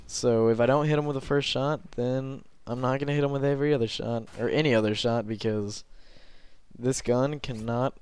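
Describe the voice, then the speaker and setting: A young man giving rambling, self-conscious gameplay commentary from his bed late at night, filling pauses with lots of ums. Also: mid-range voice, fairly even intonation, darkish tone, clear, resonant tone, dry recording.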